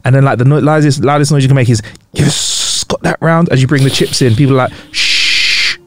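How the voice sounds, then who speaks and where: Joking podcast co-host. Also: male voice, medium pitch, racing, noisy background. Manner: joking, playful, animated. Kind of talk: casual chat.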